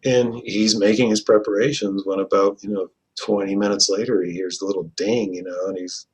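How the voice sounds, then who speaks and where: A middle-aged man, a family therapist and trainer, telling stories in an earnest, reflective way and often softening his voice. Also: steady tone, fairly quick. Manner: earnest, reflective, often drops to a soft low voice. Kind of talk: conversational storytelling.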